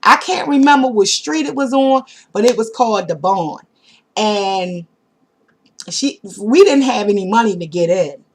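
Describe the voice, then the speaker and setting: A woman telling a storytime in a lively, slangy way, with a voice of middling pitch for a woman. She talks directly to her viewers as if chatting with a friend. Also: unhurried, slight background noise. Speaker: vlogger. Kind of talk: casual storytime.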